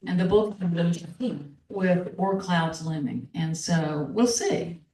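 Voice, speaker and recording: An older woman author with a North Carolina accent speaks thoughtfully, pausing on fillers as she talks and reads. Her voice sits low, and she is picked up from a distance in an echoey bookstore room. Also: dark tone. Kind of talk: author talk and reading. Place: bookstore event space.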